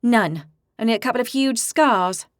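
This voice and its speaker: A woman voicing a sharp-tongued young redheaded woman fighter who answers with sarcastic, quick retorts. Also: fairly high pitch, animated, no echo, studio quality, pitched above the performer's own voice, lightly acted.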